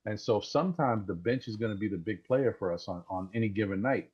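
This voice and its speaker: An eager man calling in to a live fan show over a voice chat. His voice sits fairly low and comes through dull and lo-fi. He rambles excitedly, stumbling and repeating words as he goes. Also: brisk, breathy edge. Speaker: caller. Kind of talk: casual call-in sports talk. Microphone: Discord voice call. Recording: dull lo-fi call audio.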